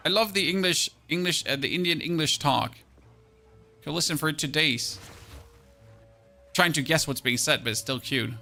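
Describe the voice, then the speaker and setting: A man from Germany with a German accent, chatting casually with his live-stream chat while gaming, self-mocking and quick to exclaim. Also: on the high side, creaky, pushed and bright, faint music behind. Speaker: game streamer.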